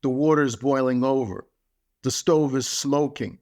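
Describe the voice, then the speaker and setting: A man's voice: mid-range voice, fairly even intonation, a little slow, darkish tone. A man giving a motivational podcast talk, speaking emphatically and driving his points home through repetition.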